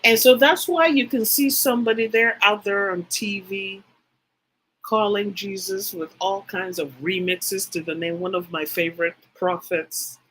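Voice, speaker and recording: A woman's voice: medium pitch, steady tone, unhurried, fairly bright tone, low-quality recording. A woman giving a livestreamed spiritual teaching talk. She speaks emphatically, repeats phrases for stress and speaks directly to her live chat viewers.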